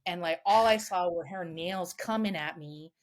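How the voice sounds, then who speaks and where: Animated swearing woman telling a story. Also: on the low side, moderate pace. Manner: animated, swears freely, many "like" fillers. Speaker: podcast guest, self-defense coach. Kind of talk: casual storytelling.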